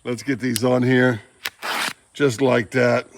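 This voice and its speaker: A man's voice: medium pitch, level tone, takes it slowly, background noise. A man demonstrating barbecue at an outdoor grill, with folksy joking asides. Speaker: barbecue channel host. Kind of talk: casual cooking demonstration.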